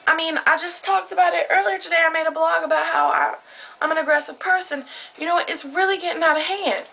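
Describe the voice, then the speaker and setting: A woman's voice: extremely high pitch, fairly quick, vocal fry, bright, forceful tone, a little hiss or hum, low-quality recording. A young woman telling a heated story into her camera, agitated and swearing a lot. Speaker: vlogger. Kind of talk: casual vlog storytelling. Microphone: camera close up.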